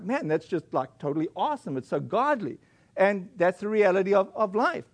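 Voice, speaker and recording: High-voiced man preaching casually. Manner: conversational, lots of fillers and restarts. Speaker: pastor. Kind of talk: sermon. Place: church.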